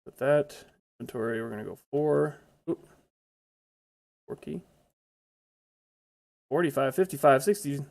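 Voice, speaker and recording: Gravelly guy chatting over his gameplay, blurts stuff out when something jumps him. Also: mid-range voice, measured pace, long pauses, a little mellow. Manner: chatty, exclaims when startled. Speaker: gameplay commentator. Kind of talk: casual gameplay commentary.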